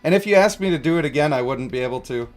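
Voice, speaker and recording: A man's voice: a little high, animated, rapid-fire. A man in his thirties streaming a game, rambling and chuckling as he answers chat. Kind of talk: casual livestream chat.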